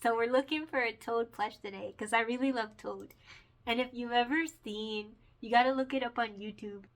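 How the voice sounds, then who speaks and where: A chatty woman vlogger who giggles often and gets emotional easily. Her voice is very bright and set a little high. She talks in a loose, casual way. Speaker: picture book author. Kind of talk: casual vlog chat.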